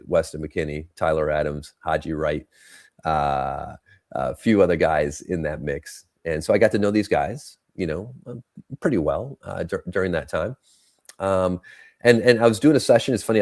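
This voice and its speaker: A man's voice: low voice, a little mellow. A middle-aged man telling a story in a podcast conversation, acting out the dialogue he quotes. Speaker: guest.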